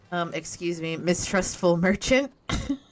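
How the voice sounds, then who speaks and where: A woman's voice: lowish voice, animated, slow pace, faint music behind. A young woman streaming a game, joking and self-mocking in casual commentary, swearing freely.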